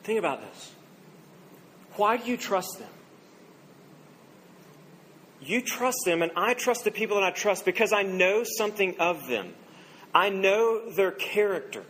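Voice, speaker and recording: A man preaching a sermon, telling a story and quoting its people in a softer voice. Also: high voice, animated, moderate pace, a little hiss or hum, low-quality recording. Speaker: pastor.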